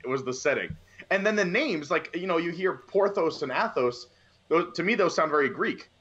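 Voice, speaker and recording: Man co-hosting a movie chat, rambling and animated, bright tone on a dull lo-fi recording. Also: on the high side, normal speed, breathy edge. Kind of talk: casual movie review chat.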